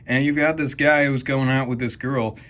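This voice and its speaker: A man's voice: medium pitch, steady tone, normal speed, a bit bright. A man hosting a video, narrating a casual show-and-tell tour with crude, wisecracking jokes and rambling asides. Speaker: video host.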